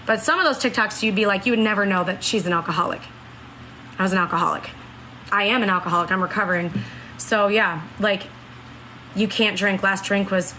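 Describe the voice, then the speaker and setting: A woman's voice: mid-range voice, moderate pace, sharp tone, a little hiss or hum, rough recording. A woman in her late thirties chatting earnestly on a live stream, reading out and answering viewer comments. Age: 30s. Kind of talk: casual live-stream chat.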